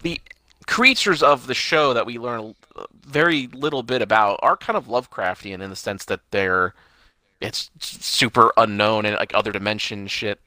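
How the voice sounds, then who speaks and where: Male co-host, bright and animated, joking casual talk, dry close sound. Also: lowish voice, moderate pace, no echo. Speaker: podcast co-host. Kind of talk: casual chat about a TV show.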